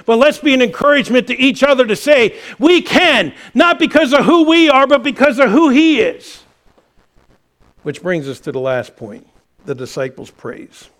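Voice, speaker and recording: Man, pastor preaching, high voice, passionate, builds to shouts. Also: very animated, normal speed. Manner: impassioned preaching, rising to shouts. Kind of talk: sermon.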